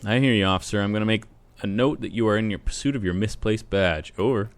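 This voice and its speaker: A man voicing a gruff old male radio officer who talks in clipped relay code. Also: on the low side, fast, lightly acted. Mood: formal. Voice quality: rattly.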